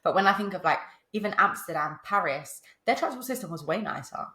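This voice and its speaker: A young woman speaks bluntly and frankly in a casual podcast chat, her voice low in pitch yet bright and tense. The recording carries a noticeable echo from the room. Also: lively intonation, a little fast. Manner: frank, blunt, laughs easily. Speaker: podcast co-host.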